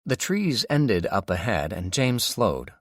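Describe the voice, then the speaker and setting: A man narrating a zombie survival audiobook in a steady, measured way. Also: on the low side, no echo, clean studio sound. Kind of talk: scripted narration.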